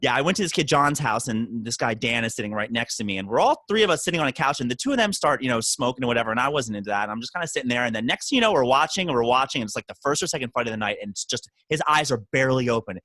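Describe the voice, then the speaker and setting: A man co-hosts a casual podcast, telling stories with a bright, lively voice that rises and falls a lot. He acts out the people in his anecdotes as he goes. The sound is dry and close. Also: medium pitch, racing, few pauses, no echo. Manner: animated storyteller acting out quoted voices. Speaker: podcast co-host. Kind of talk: casual chat, storytelling.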